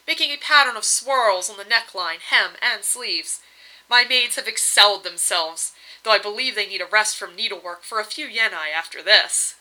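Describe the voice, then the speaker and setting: Bossy sweet goddess wife, bright and sharp, a woman reading her. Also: mid-range voice, low-quality recording. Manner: doting but reproachful. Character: regal goddess wife, fussy and sweetly demanding.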